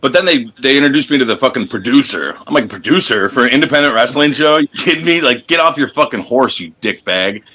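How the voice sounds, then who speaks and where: A man's voice: medium pitch, fast talker, hardly any pauses. Brash, profane man telling road stories. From United States. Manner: profane, animated storyteller who acts out crowd chants. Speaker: professional wrestler guest. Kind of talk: casual interview storytelling.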